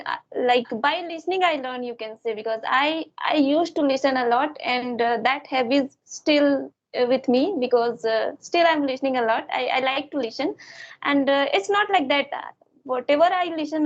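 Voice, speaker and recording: Hesitant high-voiced woman. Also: moderate pace, highs cut off. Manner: hesitant, many filler sounds. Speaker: channel host and learner. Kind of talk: casual chat.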